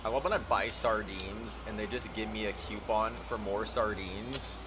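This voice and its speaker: A man's voice: lowish voice, steady tone, normal speed, noisy background. A man streaming a video game, chatting in a rambling, goofy way and humming along. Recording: voice over loud game music.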